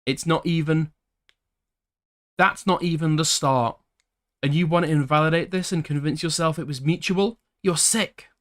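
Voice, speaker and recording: A man's voice: on the high side, fairly even intonation, normal speed, fairly bright tone, voice pushed up, natural voice. A man reading out messages as a bitter, accusing young ex-girlfriend, in a raised voice with a cutting manner.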